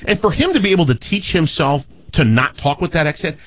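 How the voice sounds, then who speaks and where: A man's voice: fairly high pitch, animated, brisk, fairly bright tone. A man hosting a casual radio talk show, rambling and repeating words as he talks. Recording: dull lo-fi audio.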